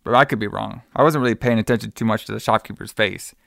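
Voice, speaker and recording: A man's voice: on the low side, fast, gravelly, a bit bright, no echo, clean studio sound. A man recapping a movie in casual chat, rambling and profane, with lots of "like" fillers. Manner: rambling, profane, many "like" fillers, acts out quotes. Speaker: podcast co-host recapping a movie.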